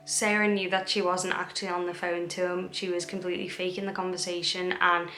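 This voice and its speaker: Young woman vlogger, casual storytelling, monotone delivery, roomy echo. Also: on the low side, fairly quick, slight background noise. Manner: chatty retelling with quoted dialogue and fillers. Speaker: true crime vlogger. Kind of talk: casual true crime storytelling. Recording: echoey room.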